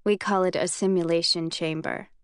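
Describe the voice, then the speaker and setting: A woman voicing a self-assured young male commander in an audiobook reading, speaking in a calm, amused drawl. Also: fairly low pitch, moderate pace, clean tone, dry recording, studio quality, pitched below the performer's own voice, close to an everyday voice. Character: young man, cool, teasing, self-assured military commander.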